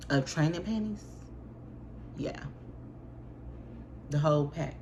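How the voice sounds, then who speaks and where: A young woman with a low-pitched voice talks to her viewers in a loose, slangy storytime vlog. She rambles and vents in a lively, expressive way. A faint hiss sits under the recording. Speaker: vlogger. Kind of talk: casual storytime chat to camera.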